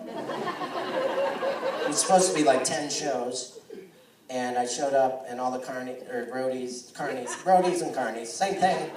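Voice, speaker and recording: A man's voice: mid-range voice, recorded from a distance. A man doing a stand-up comedy set on a live theater stage, rambling with self-mocking asides. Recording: echoey live theater, crowd noise.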